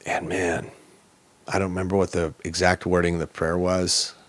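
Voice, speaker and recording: A man's voice: low voice, monotone, normal speed, fairly bright tone, dry recording. A man as a podcast guest, telling his own story in a candid, earnest and reflective way.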